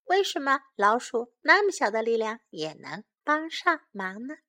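A woman reading a children's story aloud in two languages and teaching English, slowly and clearly repeating phrases for learners. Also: on the high side. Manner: lively storybook delivery.

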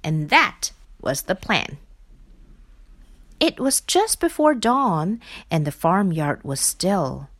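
A woman reading a children's picture book aloud in an expressive, sing-song storytelling manner. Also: fairly low pitch, takes it slowly. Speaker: storybook reader.

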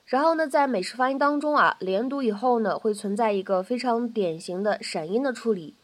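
A woman teaching in a bright, slightly high voice. She explains each point patiently, adds lots of soft fillers, and says every example three times. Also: fairly quick. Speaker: English pronunciation teacher. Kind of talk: explanatory lesson narration.

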